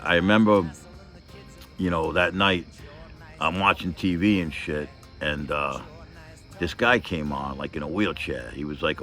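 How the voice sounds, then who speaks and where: A man with a deep, low voice tells a hard personal story in a loose, rambling monologue. His talk is crude and emotional, full of curses and fillers. Soft music plays faintly behind him. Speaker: vlogger telling a personal story.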